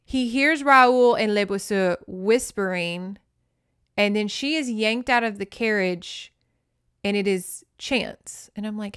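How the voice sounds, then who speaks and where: A woman hosting a podcast, recapping a novel in a sarcastic, chatty, animated way. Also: medium pitch, slow pace, smooth, no echo, studio quality. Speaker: podcast host. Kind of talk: casual book recap.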